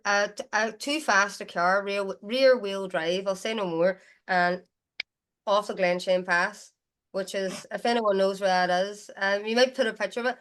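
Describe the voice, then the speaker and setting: A woman with a broad Derry accent talks as an interview guest, rattling off stories with a chatty, animated delivery. Her voice sits at an ordinary middle pitch for a woman. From Northern Ireland. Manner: chatty storyteller, quick and animated. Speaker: guest, DJ and music producer. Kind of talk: casual interview chat.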